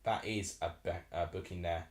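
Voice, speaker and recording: A man's voice: deep voice, steady tone, normal speed, roomy sound. A young man from Essex in his twenties, hosting a live football watchalong and chatting in a rambling way as he reacts aloud to the match. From Essex, England. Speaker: live stream host.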